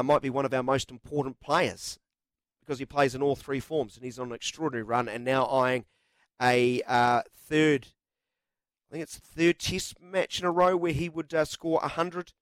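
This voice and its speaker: A man's voice: medium pitch, moderate pace, no room sound. A man hosting live sports talkback radio in a studio, chatty and jokey with lots of filler words. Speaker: radio sports show host. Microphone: studio microphone.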